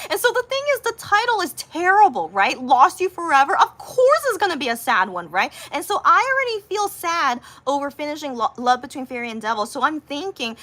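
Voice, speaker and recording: Woman, casual storytelling, rambling, animated, bright voice, a little high. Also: a little fast, hardly any pauses. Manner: chatty, rambling, many fillers and restarts; animated, acts out quotes in a higher voice. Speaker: livestreamer.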